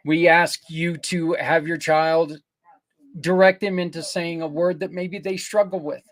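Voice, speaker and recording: Earnest rambling older man, higher voice. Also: fairly even intonation, unhurried. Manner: earnest, rambling, with self-corrections. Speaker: podcast host. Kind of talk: casual promotional talk.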